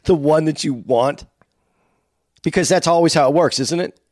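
A man's voice: fairly high pitch, moderate pace, darkish tone, dry recording, studio quality. Man asking easygoing interview questions. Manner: conversational, probing questions. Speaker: podcast host. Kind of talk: casual podcast chat.

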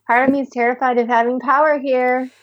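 A woman guiding a tapping session with calm step-by-step instructions, sighing deeply between phrases. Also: fast, lo-fi sound, crowd noise. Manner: calm step-by-step instructions, leading group repetition. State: deep audible sighs and yawns between phrases. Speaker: tapping practitioner. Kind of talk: guided tapping session with breathing.

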